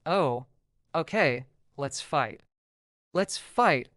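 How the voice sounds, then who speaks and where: A man voicing a hot-tempered sixth-grade boy classmate who is quick to anger and accuses others. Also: on the high side, animated, a bit bright, no room sound, studio quality, full character voice. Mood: angry.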